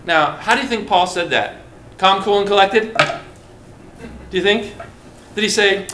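A high, bright male voice preaches a sermon to a gathered audience, asking rhetorical questions as he goes. The sound is roomy and echoes through the hall. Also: normal speed, pauses often, a little hiss or hum. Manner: animated, asks the listeners rhetorical questions. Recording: roomy echo.

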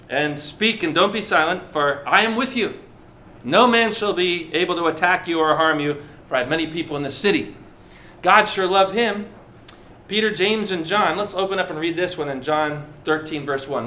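Preacher man, bright high voice, animated sermon delivery, draws out key words. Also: normal speed. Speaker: pastor.

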